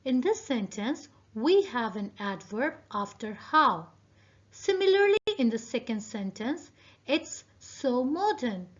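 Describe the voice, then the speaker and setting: A woman teacher giving a recorded video lesson, speaking deliberately and addressing her students directly. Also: a little high, very animated. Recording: dull lo-fi video audio.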